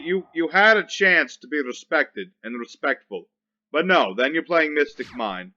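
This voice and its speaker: Gamer dude narrating his own match: bright, forceful voice, sarcastic asides, dull lo-fi mic. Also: a little high. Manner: chatty, wry, grumbles sarcastically at opponents. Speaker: gameplay commentator. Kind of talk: casual card-game play commentary.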